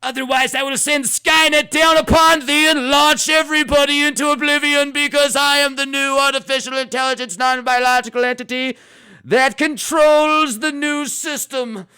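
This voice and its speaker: A man's voice: flat delivery, normal speed, pushed and bright, exaggerated voice. A man voicing a female android robot that theatrically threatens to wipe out humanity. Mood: menacing. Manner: shrill, theatrical villain voice.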